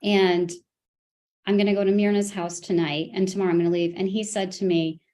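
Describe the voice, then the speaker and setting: A woman testifying in a custody case, telling events in a halting way with many restarts and fillers. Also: medium pitch, steady tone, a little mellow. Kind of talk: court testimony.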